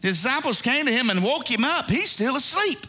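A man's voice: very high voice, big pitch swings, brisk, sharp tone. A man preaching a sermon in a conversational way, calling out to the congregation. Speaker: pastor.

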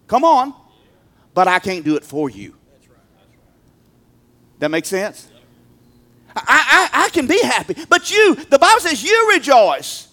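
High-voiced preacher, emphatic. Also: male voice, sing-song, a little slow, pauses often. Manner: emphatic, swings between shouting and quiet talk. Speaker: pastor. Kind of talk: sermon.

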